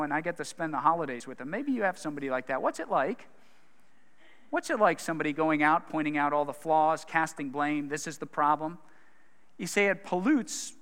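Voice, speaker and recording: A man's voice: a little high, pushed and bright. A male pastor preaching a sermon in an earnest, conversational way, asking his listeners questions. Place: church hall. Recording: long hall reverb.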